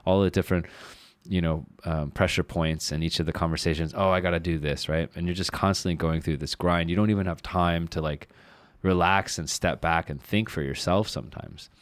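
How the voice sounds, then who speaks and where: A man with a very low voice talks through a casual podcast conversation. He rambles candidly, piles up fillers and swears freely. The sound is dry and close to the mic. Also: fairly even intonation, a little fast, clear, resonant tone, no room sound. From lives in Shanghai, China. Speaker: podcast co-host. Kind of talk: casual chat.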